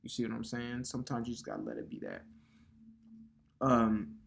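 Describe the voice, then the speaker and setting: A man's voice: mid-range voice, huge pitch swings, moderate pace, vocal fry, dark tone. A man teaching scripture in a loose, conversational way, with casual swearing and frequent filler tags like "okay" and "all right". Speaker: bible teacher. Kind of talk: casual sermon.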